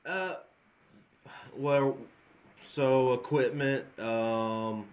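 Relaxed rambling man guest. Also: mid-range voice, drawn-out words. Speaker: guest trapshooter. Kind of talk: casual podcast chat.

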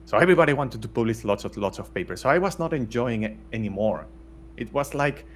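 A man's voice: mid-range voice, lively intonation, quick pace, a little hiss or hum. A middle-aged man from Spain, talking bluntly as an interview guest with many restarts. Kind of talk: casual interview talk.

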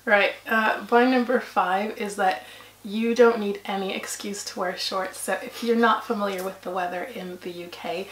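A woman from Canada co-hosting a casual couple's vlog, chatty and quick to laugh. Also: medium pitch, fairly even intonation, fairly bright tone. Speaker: vlog co-host. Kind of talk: casual chat. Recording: echoey room.

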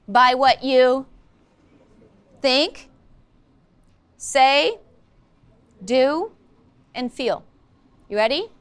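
In a school classroom, a female social-emotional learning teacher leads a lesson with a high, bright voice. Upbeat and coaxing, she quizzes her students and poses question after question to the class.

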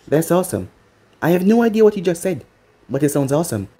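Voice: medium pitch, big pitch swings, quick pace, mellow, husky. A storyteller voicing a cheerful, easygoing young male ninja who talks in an upbeat, casual way, over faint background music.

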